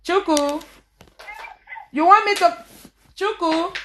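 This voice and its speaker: A woman's voice: sits high, expressive, unhurried, echoey room, background noise. A woman filming a casual home vlog, coaxing a crying child and laughing often. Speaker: vlogger filming her family.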